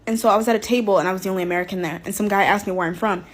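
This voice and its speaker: A woman's voice: medium pitch, fairly even intonation, racing. A woman from Los Angeles telling a story to camera in an exasperated, sarcastic rant. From Los Angeles, California. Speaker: content creator.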